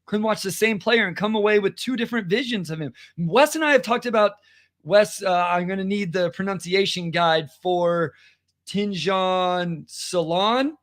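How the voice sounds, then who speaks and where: High-voiced animated sports podcast man. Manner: animated, quick, reads listener comments aloud. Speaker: podcast co-host and high school basketball coach. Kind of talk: casual sports podcast chat.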